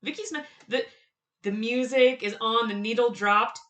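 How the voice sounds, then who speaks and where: Her voice is a little high as she gushes casually about a TV show, often laughing and firing off quoted lines in quick bursts.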